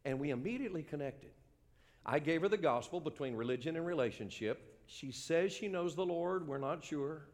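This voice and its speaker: Older preacher in an echoing church hall. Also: male voice, on the high side, expressive, moderate pace. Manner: earnest preaching, swings from hushed to ringing. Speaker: pastor. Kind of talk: sermon.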